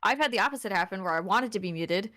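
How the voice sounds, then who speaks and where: Female guest streamer, candid chatty delivery, mid-pitched voice. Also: expressive, fast, sharp tone. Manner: chatty and candid, laughs often. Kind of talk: casual live-stream chat.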